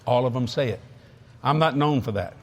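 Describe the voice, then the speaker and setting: A man's voice: medium pitch, a little fast, slight background noise. A man preaching a sermon at a convention, telling funny stories with laughing asides. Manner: storytelling, laughing, lively asides. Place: convention hall.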